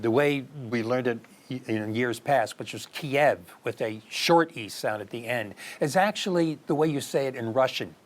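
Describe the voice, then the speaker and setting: Earnest male political commentator. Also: mid-range voice. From United States. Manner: earnest, rhetorical questions, emphatic rises. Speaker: news commentary host.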